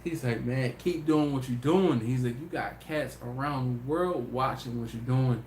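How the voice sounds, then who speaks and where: Tired man telling animated stories. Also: mid-range voice, unhurried. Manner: animated storytelling, voices his friends. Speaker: BBQ channel host. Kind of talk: casual livestream chat. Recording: echoey room with faint noise.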